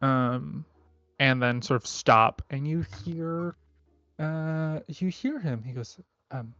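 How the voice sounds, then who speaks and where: Male game master, slow, hesitant narration, dull recording. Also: a little high, fairly bright tone, no room sound, soft background music. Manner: halting, full of "um" and "like".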